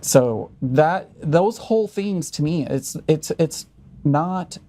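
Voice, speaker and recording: Male podcast guest, dark voice, rambling and provocative. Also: on the high side, animated, slow. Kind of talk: casual chat.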